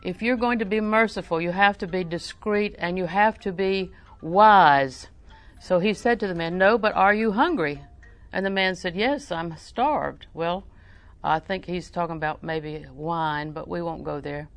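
A woman's voice: lowish voice, steady tone, normal speed, clear, resonant tone, no room sound, faint music behind. An older woman preaching a sermon in a folksy, storytelling way, with emphatic repetition.

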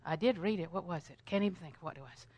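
An older woman teaching a Bible lesson in a fervent sermon style, breaking into song and prayer, swinging between loud praise and quiet asides. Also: fairly low pitch, quick pace, dry recording.

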